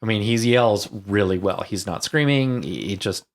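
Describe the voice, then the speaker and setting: A man's voice: lowish voice, moderate pace. A man hosting a podcast in casual chat, joking and trailing off mid-sentence. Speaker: podcast host.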